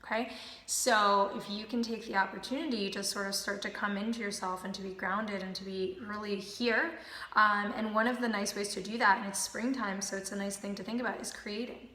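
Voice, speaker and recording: A woman practitioner co-hosting a casual spiritual chat, calm and explanatory with many ums. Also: medium pitch, brisk. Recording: roomy echoey room.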